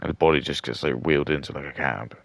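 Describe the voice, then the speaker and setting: A man with an extremely deep voice full of gravelly fry rambles through casual commentary as a streamer. He piles on filler words and starts sentences over. The sound is close and dry, with no room around it. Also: quick pace, dry recording. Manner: rambling, heavy use of filler words, trailing restarts.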